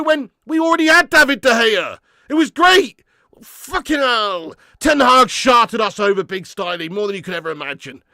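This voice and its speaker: A man hosting a live football watch-along, swearing freely, getting excited and reading out viewer comments. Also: extremely high pitch, no echo, studio quality. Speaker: fan channel host.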